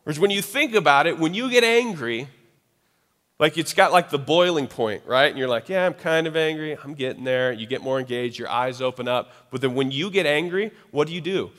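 This male pastor's voice is a little high and fairly bright, with lively intonation and a slightly fast pace. He preaches loosely and conversationally, performing quoted voices and checking in with "right?" in a room with long hall reverb.

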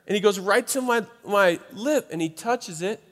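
A young man, a pastor, telling a lively family story in a sermon and closing in prayer. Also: sits high, normal speed, long reverb tail. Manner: animated storytelling, then soft prayer.

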